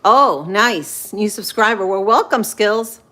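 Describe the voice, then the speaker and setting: A woman in her thirties from Central Florida, chatting casually with viewers on a livestream while she cooks, with pauses and fillers as she thinks aloud. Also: medium pitch, sharp tone. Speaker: livestream host. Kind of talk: casual live-stream chat while cooking.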